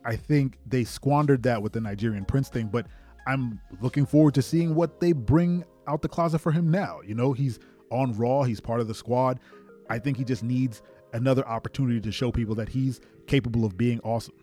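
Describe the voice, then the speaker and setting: A man's voice: medium pitch, fairly quick, warm tone, faint music behind. A man hosting a wrestling talk show, thinking aloud in a rambling, casual monologue full of "like"s. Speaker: wrestling podcast host.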